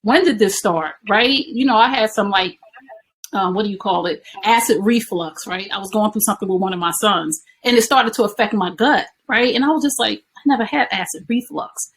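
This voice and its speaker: A woman's voice: medium pitch, fairly quick, breathy edge, rough recording. A woman being interviewed, explaining her points in a teaching way and asking herself rhetorical questions that often end in "right?". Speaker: guest. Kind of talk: conversational interview.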